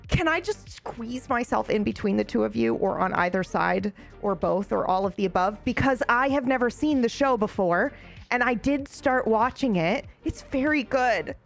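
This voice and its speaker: A woman's voice: a little high, moderate pace, gravelly, faint music behind. Bubbly, giggly woman streamer. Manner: bubbly, giggly, chatty with asides to chat. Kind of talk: casual live-stream chat.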